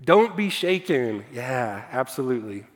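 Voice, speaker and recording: A man's voice: medium pitch, big pitch swings, a little slow. A man preaching a sermon as pastor, conversational and self-deprecating, with frequent fillers. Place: church hall. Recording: long hall reverb.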